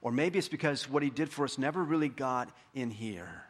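A male pastor preaching a sermon, building to fervent emphatic peaks and then dropping soft and slow for scripture. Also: medium pitch.

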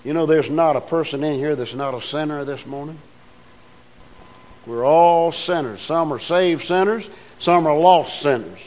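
An older man delivers a sermon in a slightly high voice, with plain, homespun phrasing. He drops to a hushed storytelling tone and then climbs into emphatic, rising preaching, often restarting his phrases. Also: unhurried.

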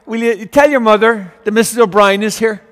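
A man's voice: sits high, a little fast, a bit bright, in a large hall, pitched above the performer's own voice. A man voicing an old woman beggar who speaks in a chatty, coaxing way.

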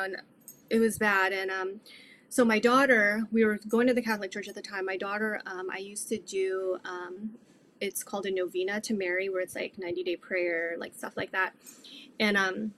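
A woman's voice: medium pitch, fairly bright tone, slight background noise. A middle-aged woman earnestly telling her faith testimony in an interview, rambling with many fillers. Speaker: guest sharing her testimony.

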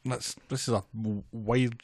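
A woman's voice: a bass voice, steady tone, unhurried, darkish tone, no room sound. A woman chatting casually about a cartoon with dry, amused commentary.

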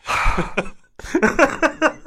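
A man's voice: drawn-out words, sharp tone. A man co-hosting a podcast in casual chat, amused and laughing often. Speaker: podcast co-host.

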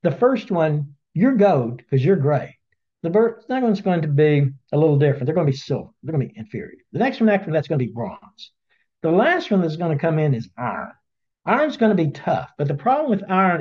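A man retelling a Bible story in a casual webinar, as an animated storyteller who acts out the voices, on dull lo-fi audio. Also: a little high, a little fast. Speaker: Bible study teacher.

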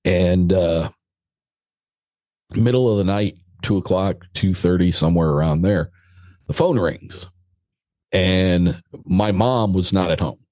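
A man's voice: low voice, takes it slowly, long pauses, dark tone, no room sound. A middle-aged American man, a podcast guest, telling a story in a casual, blunt and joking way, with some mild swearing.

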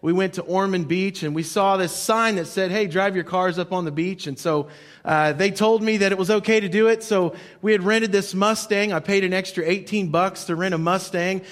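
A man's voice: high-pitched, steady tone, normal speed. A male pastor preaching a sermon in a conversational storytelling way, repeating his key points.

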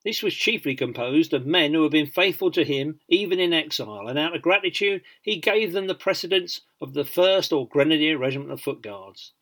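A man narrating a biography in an audiobook, measured and dryly humorous. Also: on the high side, expressive, fairly bright tone.

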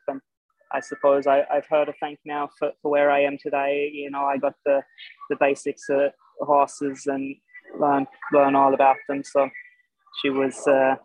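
Young man, Australian with Irish tinge, casual interview guest, monotone, restarts a lot, lo-fi dry audio. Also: medium pitch, no room sound. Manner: halting, many fillers and restarts. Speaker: guest showjumper. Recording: dull lo-fi podcast sound.

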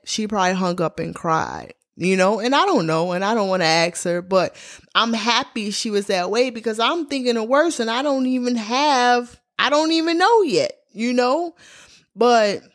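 A woman's voice: a little high, measured pace. Heartfelt woman in her forties. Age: 40s. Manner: casual, slangy, heartfelt storytelling. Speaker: podcast host. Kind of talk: candid personal monologue.

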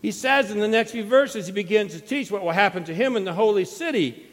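A man's voice: sits high, animated, fairly quick, fairly bright tone, big-room sound. A man preaching a sermon as pastor, retelling a story with dramatic acted quotes. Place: church sanctuary.

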